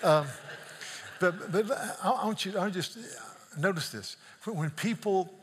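A man's voice: sits high, normal speed. A male pastor preaching a sermon, telling stories with emphatic declarations, in a church sanctuary. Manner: emphatic storyteller, rising to loud declarations. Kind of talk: sermon with storytelling. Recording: long hall reverb.

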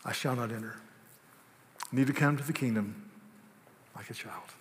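A man preaching a sermon as pastor, swinging from hushed, tender asides to loud, emphatic declarations. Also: medium pitch, normal speed, slight background noise. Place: church sanctuary. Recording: long hall reverb.

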